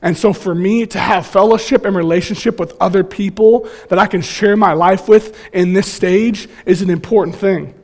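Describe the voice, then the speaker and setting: Pastor guy preaching, fairly high voice, jokey and lively storytelling. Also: moderate pace, few pauses. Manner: animated, joking storytelling. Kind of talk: sermon.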